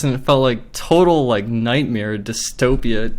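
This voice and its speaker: A man's voice: mid-range voice, measured pace. A man telling a story in a loose, rambling way. He swears constantly and packs his sentences with filler words. He sounds agitated and worked up. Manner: profane, agitated, filler-heavy. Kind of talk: casual storytelling.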